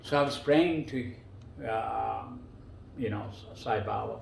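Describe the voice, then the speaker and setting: A man casually telling personal stories as a guest, animated and climbing much higher in pitch when he quotes other people. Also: slow, creaky, slight background noise. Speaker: guest storyteller. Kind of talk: casual spoken storytelling. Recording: roomy echo.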